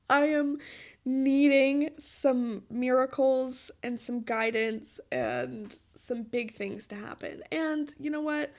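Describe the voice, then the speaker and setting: Woman in her late twenties, high voice, unhurried, earnest and pleading, laughs through tears. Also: lively intonation. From Utah. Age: 20s. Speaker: podcast host. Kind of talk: personal monologue.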